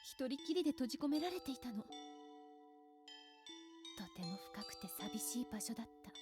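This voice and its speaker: A woman voicing a grieving young mother in a visual novel, speaking softly and wistfully over loud game music. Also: on the high side, very animated, fast talker. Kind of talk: Japanese visual novel voice acting.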